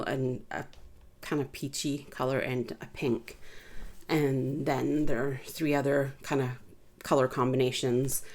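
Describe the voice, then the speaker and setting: A woman with a notably low voice talks casually through a review of things she bought. She rambles in a relaxed, chatty way, with plenty of fillers and restarts. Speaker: vlogger reviewing purchases.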